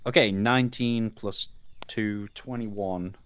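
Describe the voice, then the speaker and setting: A man's voice: on the low side, fairly even intonation, slow, a bit bright, smooth. A man playing a tabletop game, wry and stumbling over his words. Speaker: player.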